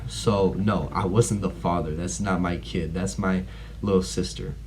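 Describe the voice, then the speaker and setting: Deep-voiced teenage boy, rambling vlog. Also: steady tone, measured pace, darkish tone, slight background noise. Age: teens. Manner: rambling, heavy use of "like", blunt and profane at times. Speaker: vlogger. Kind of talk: casual storytelling monologue.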